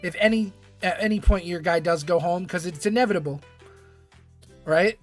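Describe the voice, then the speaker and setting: Man, streamer host, high voice, profane, jokey, faint music underneath. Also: normal speed. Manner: profane, joking, laughs often. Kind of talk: casual live-stream commentary.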